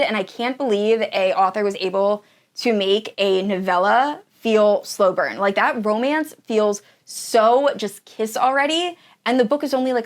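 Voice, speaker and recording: A woman chats about books she loves in an easygoing, unscripted way. She gushes with enthusiasm and leans on casual fillers as she goes. Her voice sits at an ordinary pitch for a woman. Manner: gushing and enthusiastic, with many fillers. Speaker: book reviewer. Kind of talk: casual tier-ranking chat.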